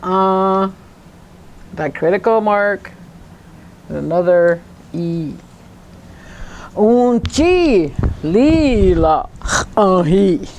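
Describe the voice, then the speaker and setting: A woman language teacher giving a classroom lesson, speaking slowly and deliberately and repeating words syllable by syllable. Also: medium pitch, darkish tone, slight background noise.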